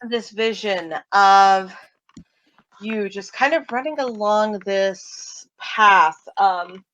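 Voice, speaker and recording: A woman's voice: mid-range voice, very slow, fairly bright tone, muffled recording. A woman running a tabletop role-playing game as game master, narrating scenes in vivid detail with the odd filler.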